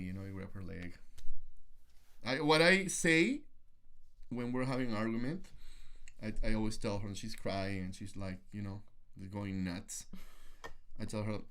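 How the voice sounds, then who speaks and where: A man's voice: on the low side, animated, moderate pace, pauses often, fairly bright tone. A young adult man co-hosting a casual relationship chat, talking loosely and rambling with repeated words. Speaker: podcast co-host.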